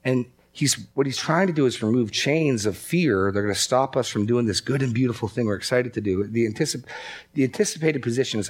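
A man's voice: mid-range voice, fairly quick, breathy edge. A man preaching a sermon in a conversational way, telling stories and acting out quotes. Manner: conversational, storytelling with acted quotes. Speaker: pastor.

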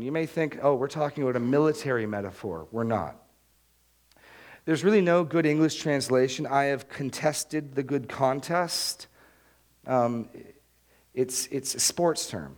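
A man preaching a sermon in an earnest, conversational way, often restarting his phrases. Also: medium pitch. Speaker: pastor.

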